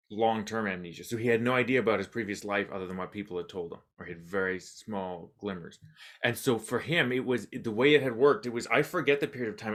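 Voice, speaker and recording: Male podcast host, lowish voice, thinks aloud, wanders then wraps up with a shrug. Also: a bit bright. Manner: musing, self-deprecating, trails off with "but anyway". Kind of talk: casual interview chat.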